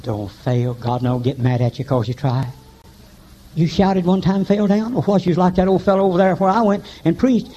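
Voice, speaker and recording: An older man preaching a revival sermon in church, telling folksy stories and breaking into high shouts. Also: moderate pace. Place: church meeting. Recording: dull lo-fi recording.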